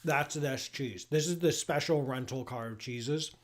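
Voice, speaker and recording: An unhurried man with a mid-range voice hosts a live call-in space show as an astrophysicist. His talk is loose, casual live-stream chat with frequent "like" and restarts while he playfully, enthusiastically tastes food.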